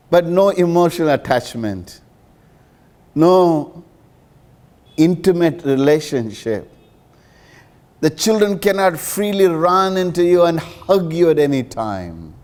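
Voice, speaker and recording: A man's voice: big pitch swings, slow, pauses often, a little mellow. A man preaching a sermon as a pastor and counselor, emphatic and pleading. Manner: emphatic, pleading, with dramatic pitch swings.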